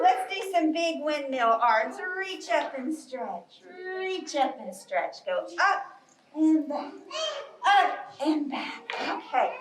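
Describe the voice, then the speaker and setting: High-voiced woman leading kids' yoga. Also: noisy background. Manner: cheerful, coaxing instructions. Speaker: children's yoga storyteller. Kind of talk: live kids' yoga story class. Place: library program room. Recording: echoey room, from far off.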